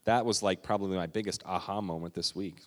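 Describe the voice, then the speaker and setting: A man's voice: sits low, steady tone, fast talker. Earnest male pastor in an echoing hall. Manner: earnest, conversational preaching that grows more urgent. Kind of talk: sermon.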